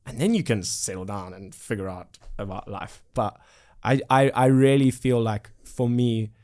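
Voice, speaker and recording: A South African man in his twenties, a musician, talks earnestly and reflectively in a casual interview, full of fillers and restarts. His voice is lowish and slightly mellow, at normal speed.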